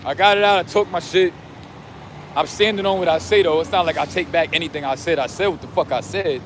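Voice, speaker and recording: A man vlogging outdoors who rambles in street slang and keeps saying "you know what I'm saying", while he is losing his voice and going hoarse. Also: on the high side, brisk, background noise. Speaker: vlogger and self-styled life coach. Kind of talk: casual monologue to camera.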